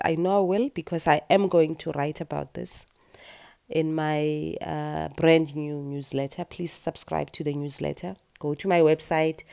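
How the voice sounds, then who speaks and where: A woman hosting her own podcast, speaking earnestly in a groggy morning voice, with halting restarts and repeated phrases. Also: sits low, vocal fry, a little mellow, smooth. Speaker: podcast host and retreat teacher. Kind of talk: reflective solo podcast monologue.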